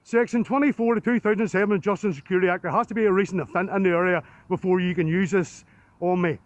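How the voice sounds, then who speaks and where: Loud, fast-talking Northern Irish man. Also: high-pitched, steady tone, dry recording. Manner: loud, insistent, argumentative. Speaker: street auditor filming police. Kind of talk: heated confrontation with police. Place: outdoors on a street by a police station. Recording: dull lo-fi street video audio.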